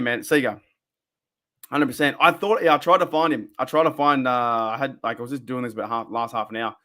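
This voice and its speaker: A man with an Australian accent hosting a casual fan live stream, rambling excitably and answering his chat viewers. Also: medium pitch. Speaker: fan podcast host. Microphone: desk microphone for a live stream.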